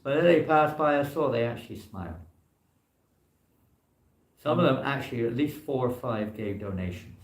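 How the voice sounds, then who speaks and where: A man at an ordinary middle pitch gives an informal scripture class, talking conversationally and drifting from point to point with "you know" fillers. His voice rings through an echoey temple hall. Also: expressive, moderate pace, long pauses. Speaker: monk giving a scripture class.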